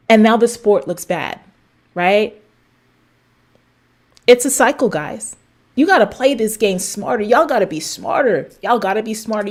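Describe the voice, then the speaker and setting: With a darkish, mid-range voice, a middle-aged fitness host speaks straight to her viewers in a preachy advice rant. She's blunt, throws in swearing for emphasis, and repeats herself for punch.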